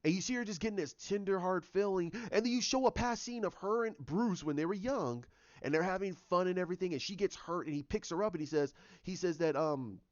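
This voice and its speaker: A man giving a ranting commentary, animated and repetitive, often restarting his sentences. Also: sits high, brisk, dry recording, lo-fi sound. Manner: animated, repeats himself, many restarts.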